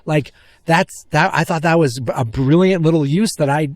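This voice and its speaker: A man hosting a podcast, excitedly retelling a film's scenes in a rambling, casual way. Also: on the high side, moderate pace, no echo. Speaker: podcast host. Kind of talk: casual movie recap.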